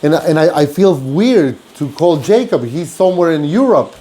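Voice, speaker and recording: A middle-aged chef from Mexico with a Mexican Spanish accent, telling stories in casual chat and acting out other people's lines. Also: male voice, a little high, moderate pace. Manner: animated, acts out quoted voices. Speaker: chef and podcast co-host.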